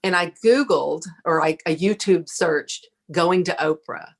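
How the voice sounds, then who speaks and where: Woman, texan accent, gravelly voice, animated storyteller, laughs a lot, podcast guest. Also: lowish voice, a little slow. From Texas. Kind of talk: casual storytelling chat.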